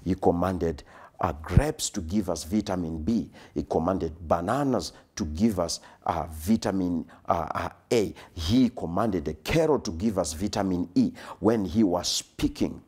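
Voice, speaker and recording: A male preacher with a deep voice and a husky grain to it, delivering a sermon. He hammers his points through repetition and now and then sinks to a whisper for emphasis. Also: measured pace, darkish tone.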